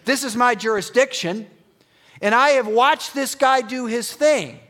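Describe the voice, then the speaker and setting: A man preaching, voicing a proud, blunt Roman centurion in an emphatic, excited way. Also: very high voice, a little slow, voice pushed up, heavily acted. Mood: insistent.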